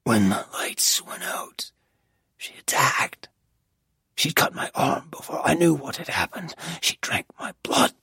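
A reader voicing a broken, guilt-ridden young man who was held captive, in a whispered role-play, hushed, halting and grave. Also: medium pitch, vocal fry, husky, no room sound, pitched above the performer's own voice, full character voice.

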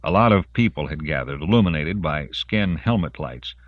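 A man narrating an audiobook in a very deep voice that moves expressively through a wide range of pitch. The recording is dry and a little dull, without much room sound. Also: expressive, moderate pace, dry recording. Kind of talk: scripted narration.

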